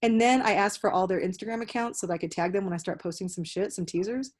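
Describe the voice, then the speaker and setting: A young woman hosting a podcast in casual chat, an animated storyteller who swears freely. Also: mid-range voice, fast talker. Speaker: podcast host.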